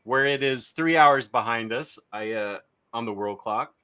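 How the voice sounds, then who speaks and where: A man's voice: medium pitch, measured pace, pushed and bright, clean tone. A man hosting a casual livestream, rambling and reading chat comments aloud with lots of filler. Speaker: livestream host.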